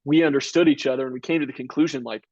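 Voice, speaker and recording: A man's voice: medium pitch, fairly even intonation, rapid-fire, a little mellow, muffled recording. A man around thirty, a college track coach, answering interview questions casually and earnestly, with many "you know" and "like" fillers. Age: about 30.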